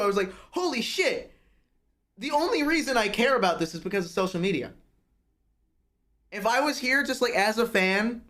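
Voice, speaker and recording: A man's voice: sits high, a bit bright. A young man chatting casually on a live stream, ranting and mocking himself with plenty of profanity.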